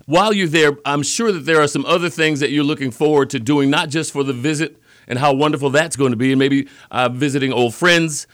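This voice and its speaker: A man's voice: fairly high pitch, fairly quick, a bit bright, dry recording. A man hosting a radio interview, asking polite questions in a studio. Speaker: radio host.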